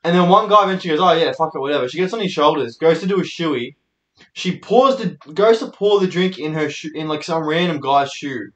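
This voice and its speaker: A man's voice: fairly high pitch, brisk, a bit bright, muffled recording. A young man, hosting and telling rambling, sweary stories. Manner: rambling, sweary, laid-back anecdotes. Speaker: host. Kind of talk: casual storytelling monologue. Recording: echoey room.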